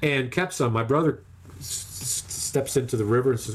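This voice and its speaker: A man casually telling a long, animated fishing story, acting out the other people's lines in raised voices. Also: medium pitch, brisk, slight background noise.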